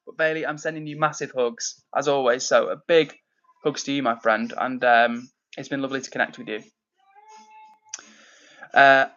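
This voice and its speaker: Man, fairly high voice, friendly livestream chatter, muffled lo-fi audio. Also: a little fast. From England, near Manchester. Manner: friendly, upbeat, lots of fillers and shout-outs. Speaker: livestream host reading chat. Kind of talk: casual live chat. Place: indoors at home.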